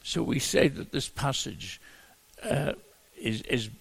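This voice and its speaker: Slow, gravelly man preaching. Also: mid-range voice, very animated. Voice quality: gravelly, husky voice. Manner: halting delivery with frequent repeated words and restarts. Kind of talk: expository Bible teaching.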